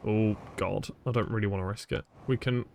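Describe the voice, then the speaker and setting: A man streaming a video game, chatting in an animated, self-mocking way. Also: fairly low pitch, a little fast, creaky, a little hiss or hum. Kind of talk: live gameplay commentary.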